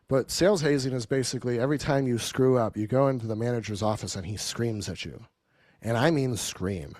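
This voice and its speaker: A man's voice: mid-range voice, darkish tone, no room sound. A man leading a live sales training, telling his own story in a blunt, casual, profane way and checking in with the audience.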